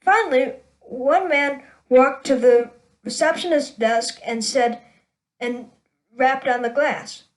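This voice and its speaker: A woman's voice: high-pitched, slow pace, poor audio. A woman hosting her own show, telling a string of jokes and laughing at her own punchlines. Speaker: show host.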